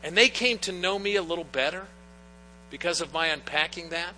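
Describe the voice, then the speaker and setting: Middle-aged pastor man telling stories in his sermon, bright voice, long echo in the church, bit of hum. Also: a little high, fairly quick. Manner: earnest, storytelling with personal anecdotes. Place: church sanctuary. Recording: long church reverb, faint mains hum.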